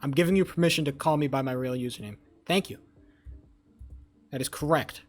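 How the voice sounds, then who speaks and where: A man's voice: mid-range voice, fairly quick. Profane young man streaming, rambling. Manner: rambling, profane, jokey, talks to chat. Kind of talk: casual live-stream chat with viewers.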